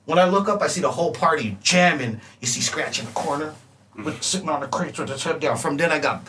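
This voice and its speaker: Fairly high in pitch and quick, a bright-voiced music producer guest tells animated stories with plenty of laughter. He performs scratches and vocal lines during the casual chat, heard through a distant mic with faint ambient noise.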